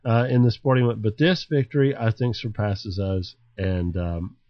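A man's voice: lowish voice, moderate pace, no room sound, highs cut off. A man co-hosting a podcast, chatting casually and rambling in a mock-solemn tone. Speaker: podcast co-host. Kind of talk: casual comedic chat.

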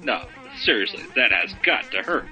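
A man co-hosting a podcast, talking and reading aloud in a deadpan, offhand way. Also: mid-range voice, moderate pace, faint music behind, poor audio. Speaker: podcast co-host. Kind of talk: casual chat and reading aloud.

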